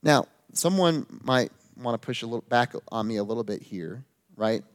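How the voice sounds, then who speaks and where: A man's expressive, medium-pitched voice carries an earnest, emphatic sermon. He slows down on key phrases to give them weight.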